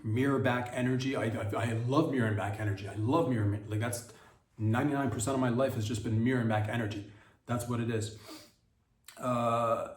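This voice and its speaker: A man's voice: medium pitch, steady tone, fairly quick, roomy sound, far from the mic. A man hosting a comedy podcast, riffing through a rambling, irreverent solo monologue full of rhetorical questions. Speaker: podcast host.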